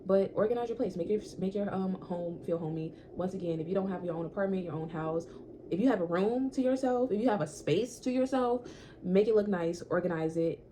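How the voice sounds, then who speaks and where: A woman's voice: mid-range voice, brisk, warm tone, slight background noise. A young woman chatting casually to camera in her small apartment, repeating herself and swearing now and then. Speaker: vlogger.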